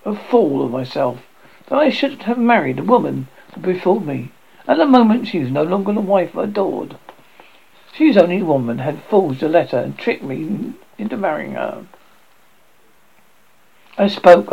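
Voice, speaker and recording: A man with a gravelly, husky voice giving a theatrical reading of a classic horror story, stumbling and restarting now and then. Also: sits high, muffled recording.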